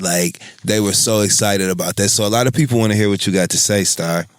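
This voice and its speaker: A male co-host tells stories in a casual, lively way and laughs through them. His voice is very deep. The sound is dry and close. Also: quick pace, hardly any pauses, no echo. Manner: lively storyteller, laughs a lot. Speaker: podcast co-host. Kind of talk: casual chat.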